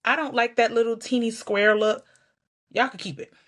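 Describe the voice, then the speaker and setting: A woman's voice: on the high side, fairly even intonation, normal speed, fairly bright tone. A woman hosting her own show, talking casually and candidly to viewers while trying not to cry. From Georgia, US. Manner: chatty, candid, laughs and sighs often. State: holding back tears. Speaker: podcast host. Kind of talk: casual personal vlog talk.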